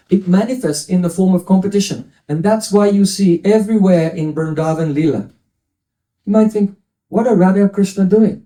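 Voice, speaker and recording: Man, high mellow voice, devotional lecturer in an echoing room, playful explainer. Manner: explains scripture terms, playful asides. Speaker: spiritual teacher.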